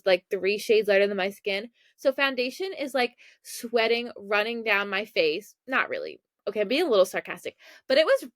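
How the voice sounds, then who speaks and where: Telling a casual story on her podcast, this young Maryland woman is chatty and self-deprecating, with plenty of asides. Her voice is on the high side with a fairly bright tone, and the studio recording is clean with no echo.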